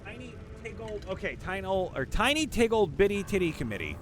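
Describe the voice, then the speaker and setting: Crude, lively man streaming a game. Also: sits high, brisk, slight background noise. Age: adult, not young. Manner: crude, profane, joking rants. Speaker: streamer and voice actor playing a game. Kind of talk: casual live-stream chat. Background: game music.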